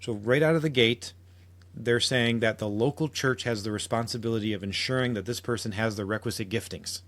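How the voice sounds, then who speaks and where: A man hosting a podcast, making an earnest argument with frequent restarts and quotations. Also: lowish voice. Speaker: podcast host. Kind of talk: solo podcast commentary.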